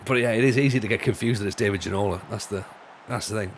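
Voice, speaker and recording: Gaming live from a room in his home, a man chats in a loose, jokey way, full of laughs and false starts. He talks fast in a lowish voice. A faint hiss or hum sits under the audio.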